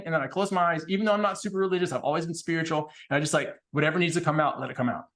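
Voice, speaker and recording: Fast-talking high-voiced blunt man. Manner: blunt, swears freely, animated storytelling. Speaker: podcast guest. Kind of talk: casual podcast conversation.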